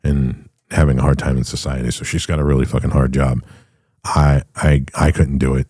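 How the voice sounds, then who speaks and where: A man's voice: extremely low pitch, little pitch movement, normal speed, mellow, breathy edge, no room sound, clean studio sound. A middle-aged man hosting a podcast, rambling through a casual, profane monologue full of restarts. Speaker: podcast host.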